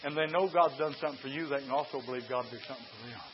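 A preacher, delivering a fiery revival sermon, folksy and hollering in bursts, sometimes out of breath. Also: male voice, medium pitch, racing. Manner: shouts and hollers in bursts, folksy, runs laps while preaching. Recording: dull lo-fi recording with faint hiss.

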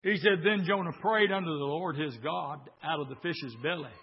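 A man preaching a sermon, building into shouted, hoarse bursts. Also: fairly high pitch, animated, normal speed, hardly any pauses. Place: church with congregation. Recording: lo-fi recording in an echoey church.

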